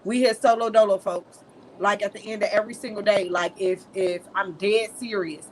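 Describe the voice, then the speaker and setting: A woman's voice: mid-range voice, fairly even intonation, moderate pace, a little hiss or hum. A woman co-hosting a casual faith chat, speaking emphatically and driving her points home by repeating short, punchy phrases.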